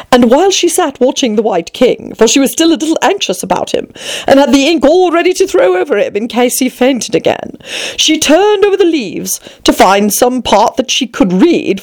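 A woman reading a children's story aloud, measured and gently theatrical. Her voice sits high and moves through a lively, melodic range. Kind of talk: expressive read-aloud storytelling.

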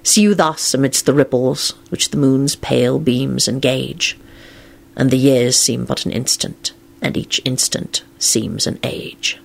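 A woman reading aloud and voicing a moody adult man who complains sarcastically and recites poetry softly. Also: rumbling low, measured pace, gravelly, pitched below the performer's own voice, full character voice. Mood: tender. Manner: sarcastic grumbling, then soft tender recitation. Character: wry, moody adult male werewolf.

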